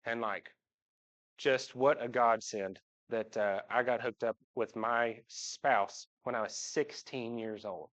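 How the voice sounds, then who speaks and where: A man in his thirties with a drawl speaks from the pulpit, mixing jokes with heartfelt praise for his family. His pitch sits in a middle range, and his voice jumps up when he acts out other people. The live church recording sounds slightly dull. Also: steady tone, takes it slowly, a bit bright. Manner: joking storyteller, voice jumps up when imitating. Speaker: church member speaking to the congregation. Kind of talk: heartfelt personal talk from the pulpit. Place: church sanctuary.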